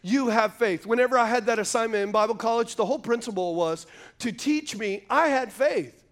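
A man's voice: extremely high pitch, a little fast. A male pastor preaching a sermon to a live congregation, joking between points and calling for the crowd to answer. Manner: call-and-response preaching, asks the crowd to answer; jokey asides between points. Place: church sanctuary before a live congregation.

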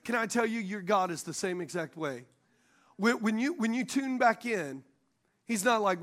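A male pastor with an unusually high voice delivers a sermon from the stage microphone. He jokes and pulls the congregation into call-and-response. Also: animated, normal speed, fairly bright tone. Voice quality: high voice for a man. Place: church sanctuary.

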